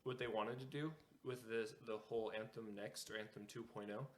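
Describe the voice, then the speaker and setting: A man co-hosting a gaming podcast in casual chat, explaining his opinions in a measured way. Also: on the low side, steady tone, slight background noise. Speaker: podcast co-host.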